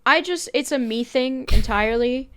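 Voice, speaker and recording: A woman's voice: high-pitched, normal speed. A woman co-hosting a casual podcast, telling rambling stories with plenty of swearing and big swoops for emphasis. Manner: animated storyteller, swears freely, swoops up for emphasis; loose, rambling delivery with many fillers. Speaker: podcast co-host.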